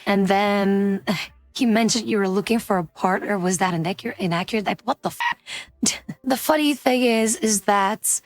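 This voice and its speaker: A woman's voice: medium pitch, normal speed, dry recording. Swearing, laughing young woman streamer. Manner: animated, swears a lot, laughs often. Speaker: VTuber streamer. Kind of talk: casual stream chat, storytelling.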